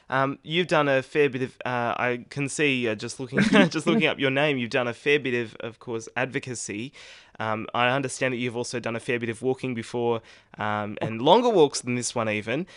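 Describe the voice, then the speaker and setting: A man's voice: mid-range voice, a bit bright, clear, resonant tone, dry recording. A man interviewing a guest on radio, asking friendly, hesitant questions.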